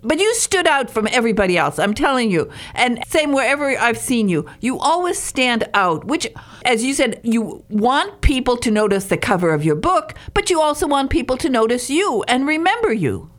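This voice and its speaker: A woman's voice: a little high, very animated, normal speed. A woman hosting an interview, talking in an effusive, complimentary way. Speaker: interview host. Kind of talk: casual interview chat.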